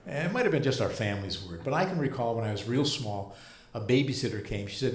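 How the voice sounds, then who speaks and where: An American man in his seventies works a comedy club stage with a dry, deadpan stand-up delivery, holding for a beat before each punchline. His voice sits at an ordinary middle pitch. The live room adds a roomy echo around him. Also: fast talker, a little hiss or hum. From United States. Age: 70s.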